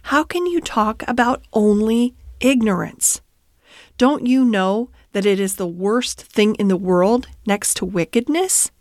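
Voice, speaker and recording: A woman voicing an earnest male head groom who is devoted to his horse, speaking slowly and heavily, then with indignation, in a bedtime storybook reading. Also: on the low side, dry recording, clean studio sound, close to an everyday voice. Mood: indignant. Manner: slow and heavy, rising to indignant outrage. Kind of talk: storybook read-aloud.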